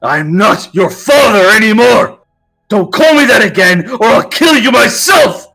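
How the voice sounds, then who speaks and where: A man voicing a stern older knight and angry father who shouts commands in a tabletop game. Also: on the high side, moderate pace, faint music behind, close to an everyday voice. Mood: wrathful.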